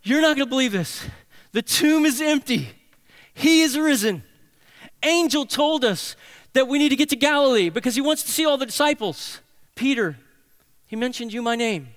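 A man voicing an excited, out-of-breath woman who bursts out with big news. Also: extremely high pitch, moderate pace, no echo, pitched above the performer's own voice.

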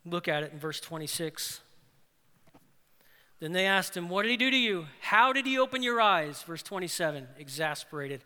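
Animated male pastor in a reverberant hall. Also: high voice, normal speed. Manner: animated, swings between loud and hushed. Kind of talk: sermon.

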